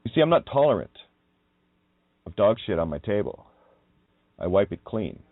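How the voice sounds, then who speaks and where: A low-voiced man talks in a rambling, emphatic monologue, his pitch swinging up and down as he goes. The sound is thin and phone-like, close and dry. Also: very animated, normal speed, dry recording. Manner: wandering, emphatic, swears when riled. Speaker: radio show host. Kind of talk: rambling monologue on word meanings. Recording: tinny phone-like line.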